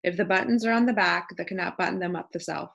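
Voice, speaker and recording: A woman's voice: on the low side, fast talker, creaky, fairly bright tone, slightly rough, lo-fi sound, heavily acted. A woman voicing a cheerful, plain-spoken young housemaid with a broad Yorkshire accent in an audiobook. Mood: stout. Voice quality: homely dialect, stout and plain-spoken. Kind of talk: audiobook character voice.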